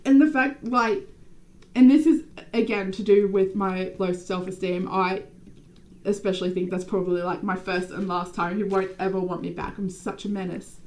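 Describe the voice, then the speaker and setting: A young adult woman streaming a game, chatting casually with viewers by name and rambling through animated stories. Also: medium pitch, poor audio. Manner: animated, rambling storytelling with many fillers. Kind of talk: casual live-stream chat.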